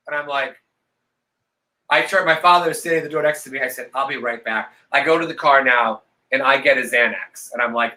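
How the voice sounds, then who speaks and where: On a video call for a live stream, a co-host with a slightly high, bright voice spins a sprawling family story at normal speed. A couple of glasses of vodka in and sounding tipsy, he swears freely and theatrically acts out the quoted voices. The recording is rough.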